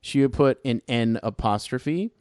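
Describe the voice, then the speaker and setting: Male podcast host, mid pitch, joking and self-deprecating, dead-dry studio sound. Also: a little slow, darkish tone, clean tone, no room sound. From Mexican-American upbringing. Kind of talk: casual chat.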